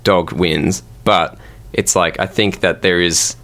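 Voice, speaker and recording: A young man with a very low voice muses aloud in a casual podcast chat. He rambles, stacking up fillers as he thinks out loud. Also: steady tone, takes it slowly. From Australia. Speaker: podcast co-host.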